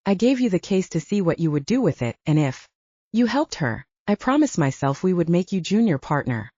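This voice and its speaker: A woman's voice: lowish voice, sing-song, brisk, mellow, dry recording. A woman voicing a slight, middle-aged male lawyer who talks in a sober, condescending way, in a slightly muffled lo-fi recording. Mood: dry.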